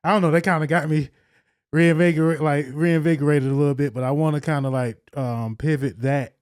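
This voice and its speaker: A man's voice: a little high, steady tone, brisk, darkish tone, smooth, no room sound, studio quality. A man co-hosting a podcast, asking a guest questions in casual conversation, hesitant and reflective with many fillers. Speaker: podcast co-host. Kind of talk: casual interview chat.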